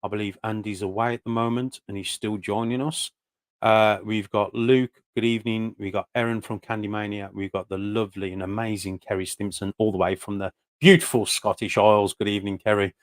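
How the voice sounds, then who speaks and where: Brief: British male live-stream host, lowish voice, chatty and rambling. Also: little pitch movement, fairly quick. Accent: British English. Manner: chatty, rambling welcomes with many fillers. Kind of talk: casual live-stream chat.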